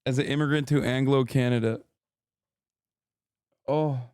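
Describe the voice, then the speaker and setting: A man's voice: mid-range voice, fairly even intonation, a little slow, darkish tone, clean tone, no room sound, clean studio sound. A man streaming live, reacting in casual chat, incredulous and profane as he reads out chat messages.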